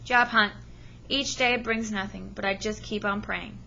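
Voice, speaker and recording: A woman's voice: mid-range voice, fairly even intonation, unhurried, vocal fry, pushed and bright, dull audio, a little hiss or hum. A woman teacher reading a story aloud with expression and stopping to ask her listeners questions. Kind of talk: read-aloud lesson with comprehension questions.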